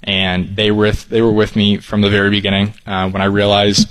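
A man's voice: fairly low pitch, completely flat delivery, fairly quick, few pauses, no room sound, poor audio. A man in his twenties from Texas, a copywriter answering interview questions earnestly and politely, with many ums. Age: 20s. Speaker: guest, copywriter.

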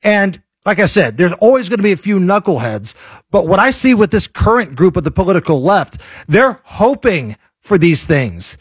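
Male talk host, blunt and opinionated, high-ish husky voice, dry close sound. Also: sing-song, normal speed, no room sound. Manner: blunt, conversational. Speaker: political talk show host. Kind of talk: opinionated commentary.

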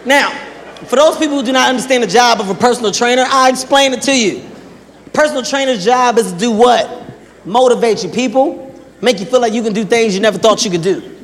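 A man doing a stand-up comedy routine, telling exaggerated stories with shouted punchlines. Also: very high voice, a little fast. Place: large performance hall. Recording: reverberant hall, faint background noise.

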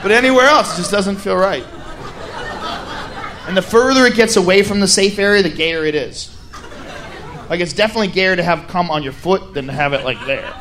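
High-voiced crude stand-up comic. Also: male voice, a little fast, pauses often, slight background noise. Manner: crude, profane, animated storytelling. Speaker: stand-up comedian. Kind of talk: stand-up comedy set. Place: comedy stage before an audience. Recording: live stage with crowd laughter.

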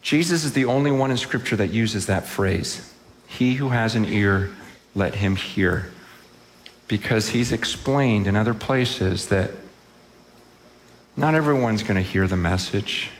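A man's voice: lowish voice, measured pace, in a large hall, a little hiss or hum. A man preaching a sermon to a congregation, impassioned, and acting out the voices of those he quotes. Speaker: pastor. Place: in a room with a congregation.

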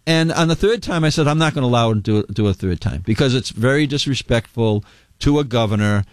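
A man speaking as a state governor on a radio show, defending himself haltingly with many fillers. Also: medium pitch, animated, dry recording, clean studio sound. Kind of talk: radio interview clip.

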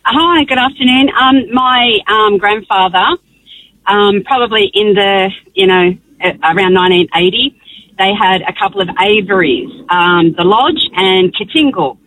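A woman's voice: medium pitch, measured pace, a bit bright, a little hiss or hum. Hesitant woman caller, distant. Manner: hesitant, lots of ums. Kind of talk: telling a story.

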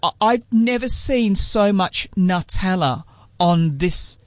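A man's voice: sits high, animated, slow, no room sound, clean studio sound. A man with an Australian accent, hosting a radio show and telling a jokey story in casual chat. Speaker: radio host.

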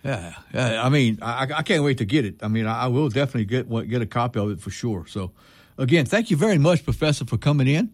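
A man hosting a radio show in a studio, speaking, relaxed and halting with many restarts. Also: medium pitch, no room sound. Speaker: radio host. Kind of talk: radio interview conversation.

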